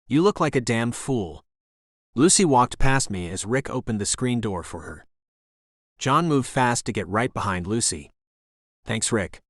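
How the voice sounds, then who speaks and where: A man reads a romance audiobook in an easygoing first-person voice. His pitch sits in the middle range. The recording is close and dry. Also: dry recording. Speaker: audiobook narrator. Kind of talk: scripted romance audiobook narration.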